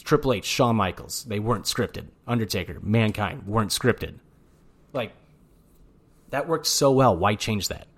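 A man co-hosting a podcast in casual chat, rambling from point to point with an excitable, profane manner. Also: on the low side, a little slow. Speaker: podcast co-host. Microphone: studio mic.

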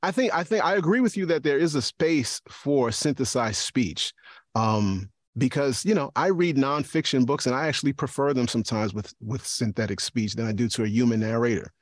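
A man's voice: medium pitch, expressive, fairly quick, no room sound. A man and podcaster talking in a casual discussion, often repeating words as he thinks. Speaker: podcaster and guest.

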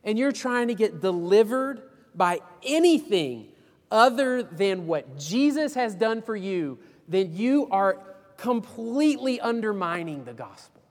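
A man's voice: high-pitched, big pitch swings, a little slow, in a large hall. A man preaching a sermon as pastor, folksy and emphatic, with homespun illustrations.

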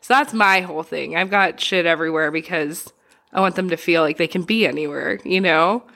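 A woman's voice: on the low side, brisk, gravelly, fairly bright tone. A woman in her thirties co-hosting a casual podcast, sick and nasal, chatty and swearing, laughing often. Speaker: podcast co-host. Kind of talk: casual chat.

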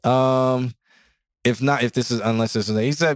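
A man's voice: medium pitch, normal speed, no echo, studio quality. A man co-hosting a casual music review podcast, joking and laughing as he chats. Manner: laughing, joking, animated storytelling. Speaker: podcast co-host. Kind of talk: casual chat. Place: indoor studio or living room.

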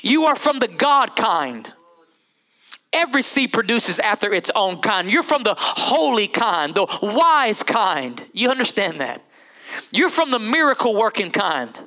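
A male pastor preaching a sermon in an animated, conversational way, calling out to the congregation. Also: high-pitched, unhurried. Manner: animated, conversational, calls to the crowd.

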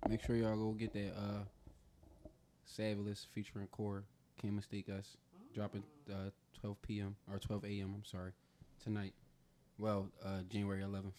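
A man's voice: lowish voice, monotone, normal speed, warm tone, slight background noise. A young man and rapper chatting on a podcast in a laid-back, loose, self-mocking way. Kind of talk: casual podcast chat.

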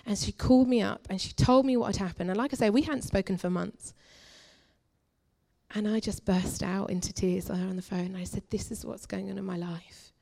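A young adult woman, a guest preacher at a church, giving an earnest, confessional testimony that moves between forceful and hushed. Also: medium pitch, steady tone, normal speed. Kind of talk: personal testimony sermon.

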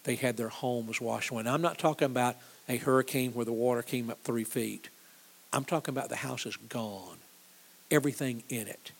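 In a mid-range voice with vocal fry, a missions ministry leader drives a church missions talk, emphatically repeating key phrases and getting the audience to say them back.

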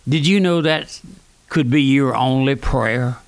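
A man, preaching a fervent radio sermon that swings between raised and hushed lines. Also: mid-range voice, unhurried. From South Louisiana. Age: 90s.

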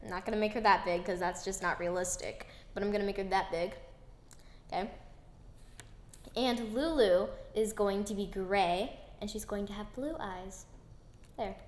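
A woman hosting her own podcast alone, chatting in a bubbly, rambling and excitable way. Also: medium pitch, normal speed, reverberant. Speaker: podcast host. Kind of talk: casual solo podcast chat.

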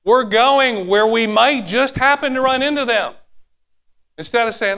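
A man preaching a sermon, animated, sometimes dropping to a hushed tone and acting out little quotes. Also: very high-pitched, measured pace. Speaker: pastor.

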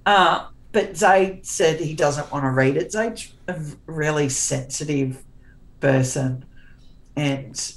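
A forthright woman in her forties talks as an interview guest, with a notably low, deep voice. She is sarcastic and plain-spoken, often starting a phrase twice before carrying on. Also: takes it slowly, rough recording. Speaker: guest author. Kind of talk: candid interview chat.

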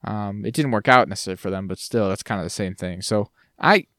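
A man co-hosting a podcast in casual chat; animated, laughs often and slips into silly voices. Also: fairly low pitch, quick pace, no echo, clean studio sound. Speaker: podcast co-host.

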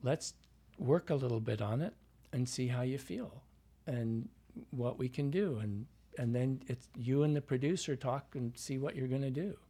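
A Midwestern man from Iowa talks through his stories as a dialect coach, and his voice has a husky grain at a mid pitch. He slips into the voices of the people he quotes. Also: moderate pace, hardly any pauses. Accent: Midwestern American. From Iowa, USA. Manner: animated anecdotes, acting out quoted voices. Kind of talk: storytelling interview.

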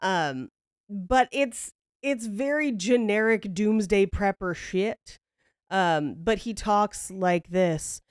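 A woman's voice: mid-range voice, clean tone, no echo, studio quality. Wry, laughing woman podcast host. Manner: wry, profane, quick to laugh. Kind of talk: casual storytelling chat.

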